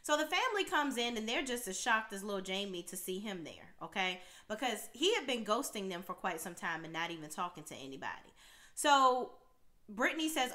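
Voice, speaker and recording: Bright, chatty woman recapping reality TV. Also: mid-range voice, sing-song, fairly quick. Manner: talkative, punctuates points with "okay?". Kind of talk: casual chatty commentary.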